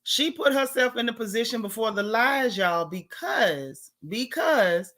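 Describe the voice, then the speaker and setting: A middle-aged woman, host of a live gossip stream, chatting in a sassy, animated, colloquial way. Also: a little high, measured pace. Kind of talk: casual gossip chat, greeting live chatters.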